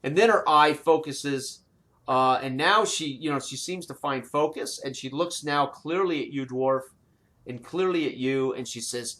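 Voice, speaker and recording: Male game master, mid-range voice, halting narration full of fillers, tabletop session. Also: medium pitch, a bit bright. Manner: halting, many fillers and restarts while narrating.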